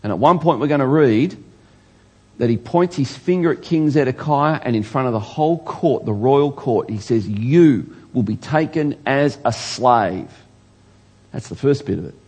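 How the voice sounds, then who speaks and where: A man's voice: mid-range voice, animated, moderate pace, darkish tone, husky. A man preaching a sermon in an earnest way, often restarting words and pressing questions to his listeners. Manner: earnest, stammers and restarts, rising emphasis on questions.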